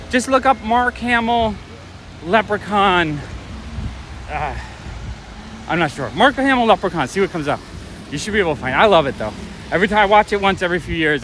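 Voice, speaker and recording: High-voiced chatty man on a city walk. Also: sharp tone. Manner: rambling storyteller, chatty with viewers. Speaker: vlogger. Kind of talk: casual walking livestream chat. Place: city street outdoors. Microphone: phone or camera carried while walking. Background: traffic and street ambience.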